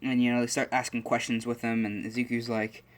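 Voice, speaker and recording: A man's voice: medium pitch, completely flat delivery, fairly quick. A man casually retelling a story idea in a rambling way, full of fillers and restarts.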